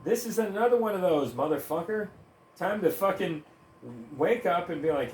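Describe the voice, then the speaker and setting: A man's voice: high voice, lively intonation, moderate pace, darkish tone, slight background noise. A man ranting in heated, profane, sarcastic commentary while gaming, with bursts of laughter. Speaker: gaming streamer. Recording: roomy echo, faint ambience.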